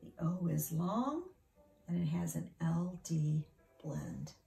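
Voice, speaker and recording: Slow, gravelly-voiced woman teaching phonics. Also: on the low side, expressive, mellow, faint music behind. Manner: slow, patient, sounds out word parts. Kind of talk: phonics lesson for young children.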